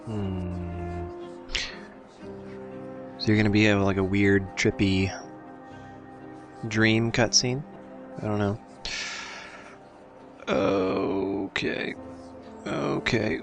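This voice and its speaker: A let's play host talks slowly through his gameplay, casual and self-deprecating as he thinks aloud. His voice sits a little low and is a bit bright, with faint game music playing behind him.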